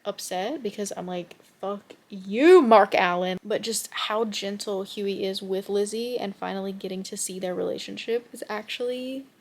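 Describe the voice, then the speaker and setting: A woman's voice: mid-range voice, fairly even intonation, moderate pace, creaky, few pauses. A young woman in her twenties chatting casually and expressively in a reading vlog, often ranting with strong feeling. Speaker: book vlogger.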